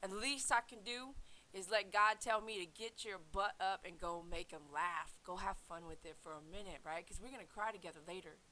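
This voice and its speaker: A woman talking casually on her vlog in an animated, slangy way. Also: mid-range voice, brisk, slight background noise, poor audio. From United States. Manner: animated, laughing, slangy with "man" fillers. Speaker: vlogger. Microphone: headset.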